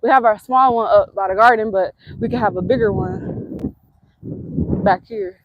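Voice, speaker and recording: A woman's voice: mid-range voice, normal speed, highs cut off, a little hiss or hum. Chatty woman touring her land. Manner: chatty, thinking aloud while walking. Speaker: homesteader giving a tour of her land. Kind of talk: casual walking tour. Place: outdoors on a rural trail. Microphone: husband's handheld camera.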